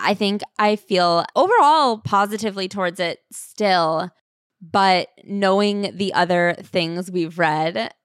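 A woman's voice: on the low side, no room sound. Woman cohost chatting away, playful, laughs a lot, dry close sound. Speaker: podcast co-host. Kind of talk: casual chat.

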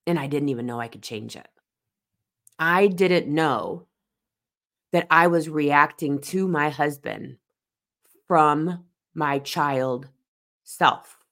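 A woman in her forties with a low-pitched voice talks through a personal reflective monologue. She is earnest and emphatic, and she repeats key phrases to press her point home as a host addressing her listeners. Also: slow, pauses often, fairly bright tone. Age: 40s.

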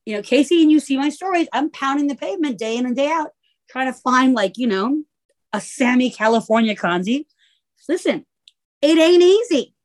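A woman with a slightly high voice tells a tale in loose, playful chat. She swears freely and leans on "like" and "you know" as she rambles through her story. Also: fairly quick. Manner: profane, filler-heavy valley-girl talk. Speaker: podcast co-host. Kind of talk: casual comedic storytelling.

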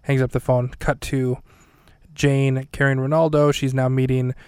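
A man's voice: medium pitch, flat delivery, normal speed, a little mellow, smooth, no echo. A man hosting his own podcast, casually recapping an episode in a rambling, self-correcting way with dry humor. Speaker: podcast host.

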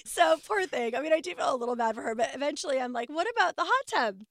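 A woman talks on a talk show in a dry, close studio sound. Her voice sits a little high. She tells family stories animatedly, jumping up in pitch whenever she quotes someone. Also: fast talker, no room sound. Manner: animated storyteller, acts out quotes with big pitch jumps. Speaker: guest. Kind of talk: casual chat.

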